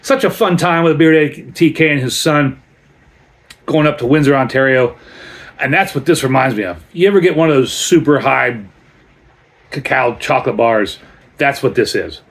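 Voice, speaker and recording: A man's voice: mid-range voice, normal speed. A man reviewing a beer in a casual vlog, chatty and rambling as he tells stories between sips.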